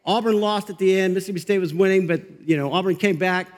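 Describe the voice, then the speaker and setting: A man preaching with real fire, his voice sitting high for a man as he talks to the congregation in a loose, chatty way. The sound rings with a long reverb, as if it were recorded in a large church sanctuary. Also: quick pace. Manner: energetic, fired up, conversational with frequent asides. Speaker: pastor. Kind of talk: sermon.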